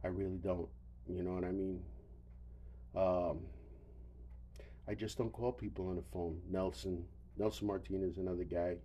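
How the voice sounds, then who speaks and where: A man's voice: deep voice, steady tone, moderate pace, pauses often, warm tone, a little hiss or hum. An older man hosting a solo podcast, rambling wearily with profanity and stammered restarts, tired and yawning. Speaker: podcast host.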